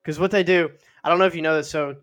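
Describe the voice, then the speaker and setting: A man's voice: on the high side, fairly even intonation, fast talker, a bit bright. Goofy young man riffing on a podcast. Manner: goofy, riffing, acts out silly scenes. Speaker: podcast co-host. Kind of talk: casual chat.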